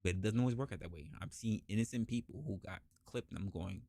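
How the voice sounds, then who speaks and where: A man hosting a podcast, telling a casual story and acting out the people in it with big jumps in pitch, swearing freely. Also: fast talker, no echo, clean studio sound. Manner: animated, acts out quoted voices with big pitch jumps, swears. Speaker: podcast host.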